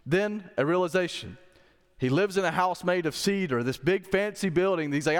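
A man's voice: high-pitched, normal speed, clean tone. A man preaching a sermon as pastor, conversational, asking the congregation rhetorical questions. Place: church sanctuary. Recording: long reverb of a hall.

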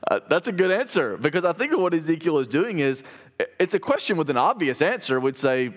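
A man's voice: mid-range voice, lively intonation. Man preaching a sermon in a reverberant hall. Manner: earnest, explanatory, reads scripture slowly with emphasis. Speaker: pastor.

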